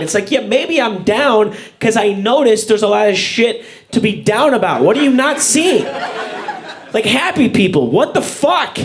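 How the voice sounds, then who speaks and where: A man with a high, animated voice performs stand-up at a normal speed, ranting in a sarcastic, incredulous way and swearing freely. Loud crowd laughter fills the live room in front of the stage.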